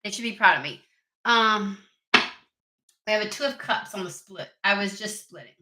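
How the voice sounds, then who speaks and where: A woman's voice: mid-range voice, moderate pace, bright, forceful tone, reverberant. A woman hosting a casual tarot reading vlog, chatty and rambling, with allergies. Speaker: tarot reader.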